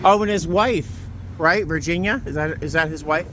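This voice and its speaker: Vlogging outdoors in a windy churchyard, a man with a highish voice speaks at normal speed. He's chatty and exclaims a lot in his casual narration, though he's tired and shivering with cold.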